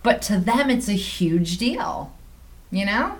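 Female host, mid pitch, hedging devil's advocate in casual chat. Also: lively intonation, slow. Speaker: podcast host.

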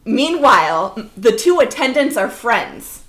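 A woman in her twenties takes her time, speaking slowly in a slightly high voice while telling a funny anecdote in casual talk. She's an animated narrator who voices the story's characters, and the recording sounds roomy and echoey.

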